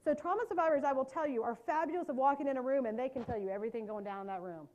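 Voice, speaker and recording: A woman giving a live workshop lecture on trauma-informed care. She talks in a lively, conversational way and keeps checking in with her listeners. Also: sits high, racing, lo-fi sound.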